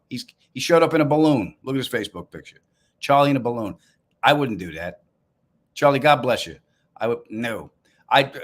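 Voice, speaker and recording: Man, Long Island accent, comedian, live-stream chat, wry deadpan storytelling. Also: medium pitch. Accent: Long Island New York. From Long Island, New York. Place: apartment room, indoors.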